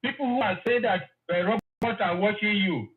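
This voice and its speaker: A man's voice: sits high, moderate pace. Man, phone-in caller, effusive, emotional, repeats praise, tinny phone sound. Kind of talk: phone-in call.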